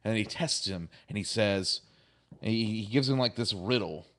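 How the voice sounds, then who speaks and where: A man co-hosting a relaxed podcast chat, telling the story of an episode with real gusto. He slips into quick impressions of the characters, and his pitch leaps up high when something amuses him. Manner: animated retelling, acting out quotes with lively pitch jumps. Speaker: podcast co-host. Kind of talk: casual chat recapping episodes.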